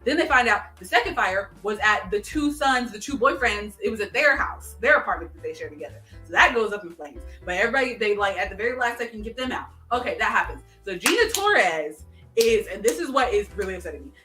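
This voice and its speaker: Bright-voiced woman, echoey distant mic. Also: mid-range voice, brisk. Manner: animated storytelling with many fillers and restarts. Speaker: podcast host. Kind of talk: casual chat, recapping a TV episode. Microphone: video call stream. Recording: echoey room, distant mic, faint music.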